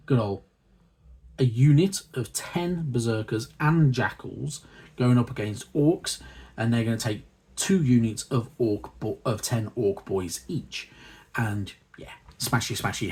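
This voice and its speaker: A man's voice: medium pitch, a little mellow, husky. A man hosting a hobby channel, casually reviewing a magazine and reading passages aloud, chatty and rambling between the reading and his asides.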